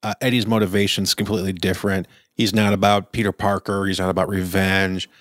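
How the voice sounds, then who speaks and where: A man's voice: low voice, flat delivery, a little fast, a bit bright, no echo, clean studio sound. A man hosting a podcast, giving a casual, chatty and enthusiastic film review full of opinions. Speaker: podcast host.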